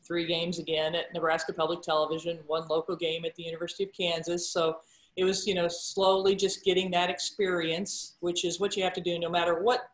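A middle-aged woman, a sportscaster and guest, telling stories about her career in a casual chat and acting out the quoted dialogue with lively energy. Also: lowish voice. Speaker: guest broadcaster. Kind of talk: casual storytelling interview. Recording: roomy echo.

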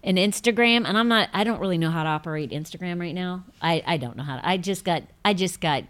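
A middle-aged woman hosting a show, telling rambling, self-mocking stories in a bubbly, casual chat and breaking into high laughing fits. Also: fast, fairly bright tone. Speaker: host.

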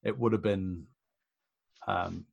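A man's voice: deep voice, steady tone, slow, gravelly, slightly rough, muffled recording. A man chatting casually on a podcast about wrestling shows, laughing often and swearing freely. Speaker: professional wrestler guest.

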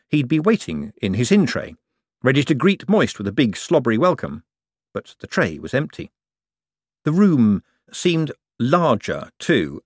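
A man narrating an audiobook in an expressive, wry storytelling manner. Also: medium pitch, no room sound, studio quality. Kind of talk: scripted narration.

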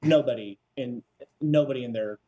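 A podcast co-host, a man with a mid-range voice, tells a casual story in a relaxed way at a normal speed.

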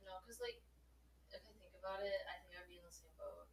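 A woman's voice: lowish voice, wildly swooping pitch, fast talker. A young woman co-hosting a podcast, chatting bluntly. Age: young adult. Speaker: podcast co-host. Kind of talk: casual podcast chat. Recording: roomy, distant mic with faint hum.

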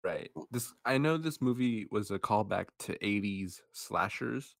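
A man co-hosting a casual movie podcast, talking in a relaxed way and chuckling as he recounts scenes. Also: lowish voice, a little slow, creaky, no echo, clean studio sound. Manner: relaxed, chuckling, uses many fillers. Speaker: podcast co-host. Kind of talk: casual movie review chat.

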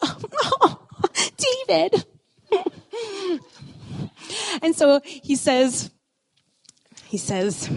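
Animated, high-voiced woman storyteller. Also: extremely slow, long pauses, no room sound. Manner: animated, expressive, playful, with many "like" fillers. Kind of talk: storytelling talk.

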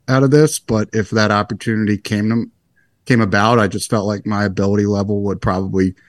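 A young man with a low voice talks as a guest in a casual interview. He rambles easily and pokes fun at himself. The recording is close and dry, with no room echo. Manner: relaxed, rambling, self-deprecating. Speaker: guest golfer.

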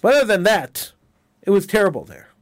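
A man's voice: high voice, big pitch swings, a little fast, no room sound. A man hosting a talk radio show, delivering an emphatic, indignant monologue and often repeating his words.

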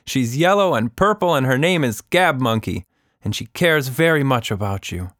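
A man's voice: medium pitch, lively intonation, moderate pace, fairly bright tone, no room sound, clean studio sound, pitched above the performer's own voice, lightly acted. A man voicing a timid young girl who speaks earnestly and pleadingly. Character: timid young girl, shy but brave.

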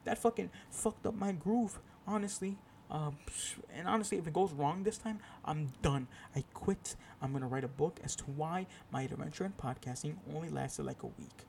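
A man's voice: a little high, creaky, mellow, a little hiss or hum. A young man hosting his own podcast, telling a rambling, profane, self-deprecating story in a casual solo chat. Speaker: podcast host.

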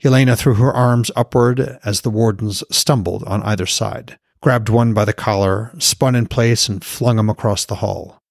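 Low-voiced man reading fantasy fiction. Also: normal speed, vocal fry, few pauses, dry recording, studio quality. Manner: steady storytelling reading. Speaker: author and podcast narrator. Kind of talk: scripted audiobook narration.

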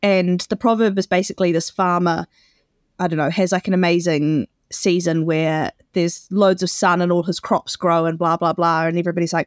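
A woman co-hosting a podcast in casual chat, laughing often and turning animated when amused. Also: on the low side, moderate pace, dry recording, studio quality. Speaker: podcast co-host.

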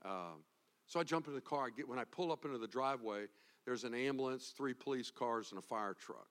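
A man preaching from the pulpit, telling a story in a low, hushed voice and then rising into loud, fervent exhortation. His pitch sits in an ordinary middle range for a man, and he talks straight to a congregation. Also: a little fast. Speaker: pastor. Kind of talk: sermon.

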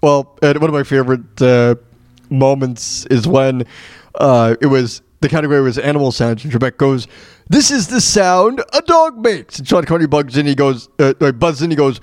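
A man's voice: mid-range voice, fairly even intonation, brisk, darkish tone, dry recording, clean studio sound. A man hosting a radio show, telling stories in a rambling, casual way with many fillers and restarts. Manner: laughs at his own retold jokes. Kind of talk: casual storytelling monologue.

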